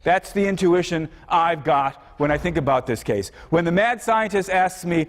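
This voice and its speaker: A man's voice: fairly high pitch, expressive, normal speed, hardly any pauses. A man giving a university lecture in a conversational way, now and then acting out examples in other voices. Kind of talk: classroom lecture. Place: large lecture hall. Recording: reverberant lecture hall.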